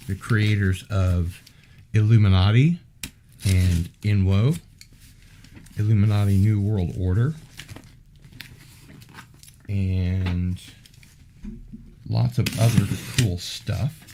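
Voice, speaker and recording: A man hosting a casual unboxing video, talking in an unhurried way with wry asides. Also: fairly low pitch, warm tone, slight background noise. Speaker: unboxing vlog host.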